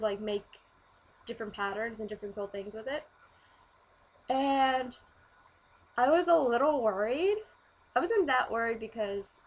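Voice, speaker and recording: Animated young woman vlogger, slightly high voice. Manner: animated, swears freely, heavy use of "like". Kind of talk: casual storytelling vlog.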